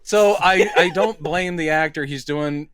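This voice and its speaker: A man co-hosting a podcast, chatting casually about a movie and acting out quoted lines with animated exasperation. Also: on the high side, a little slow, clean tone, no room sound. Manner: animated, acts out quoted lines mid-rant. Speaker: podcast co-host. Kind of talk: casual movie review chat.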